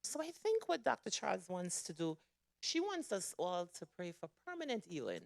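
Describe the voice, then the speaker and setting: Woman, church speaker; lively rising and falling pitch, dry close sound. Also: normal speed, creaky, dry recording. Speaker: church member. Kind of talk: exhortation in church.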